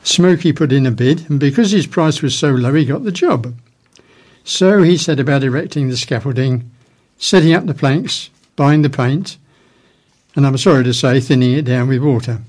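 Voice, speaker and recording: A man with an ordinary mid-pitched voice tells jokes on a radio show. He starts out halting, with restarts and fillers, then falls into a steady, unhurried storytelling rhythm. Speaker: radio guest telling jokes.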